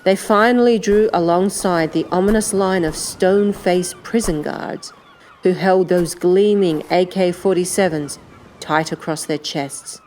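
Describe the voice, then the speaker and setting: A woman narrates an audiobook with a low-pitched voice. Her reading is steady and measured. A faint background hiss runs underneath. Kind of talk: scripted narration.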